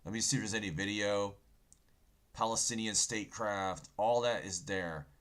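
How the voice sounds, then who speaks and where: A man's voice: lowish voice, steady tone, normal speed, a bit bright. A man hosting a casual livestream from his computer, talking in a folksy, rambling way, calling his viewers folks and preaching insistently about the Bible, with keyboard typing behind him. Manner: folksy, rambling, says "folks" and "okay" often; preachy, insistent on biblical points. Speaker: livestream host.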